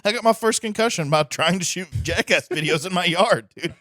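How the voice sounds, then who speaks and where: A man's voice: sits high, a bit bright, dry recording, clean studio sound. A man co-hosting a casual comedy podcast, teasing his friend and laughing a lot. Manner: giggly, teasing, quick ribbing. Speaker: podcast co-host.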